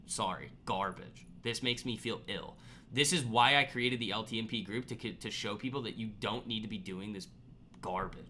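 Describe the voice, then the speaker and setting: A man's voice: fairly low pitch, pushed and bright, a little hiss or hum. A man hosting a live trading stream, ranting bluntly and with exasperation at viewers' poor trades. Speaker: trading livestream host.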